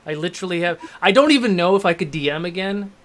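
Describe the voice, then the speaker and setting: A man's voice: high voice, animated, quick pace, fairly bright tone. A man in his thirties, a game master and show host, talking candidly in a rambling, self-deprecating way in a casual panel discussion.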